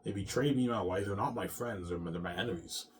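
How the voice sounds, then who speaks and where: A low-voiced man rambles on in a loose monologue, cursing often and circling back over the same points. He tacks "man" and "yeah" onto his lines, and a faint hiss sits underneath. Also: fast talker. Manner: profane, repetitive, ending lines with "man" and "yeah". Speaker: vlogger.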